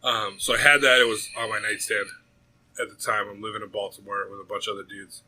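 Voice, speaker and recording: Podcast co-host, young adult man, husky and bright, swears constantly, rambles and tells stories with heat. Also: on the low side, fast talker, low-quality recording. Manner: profane, rambling and animated. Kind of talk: casual storytelling chat.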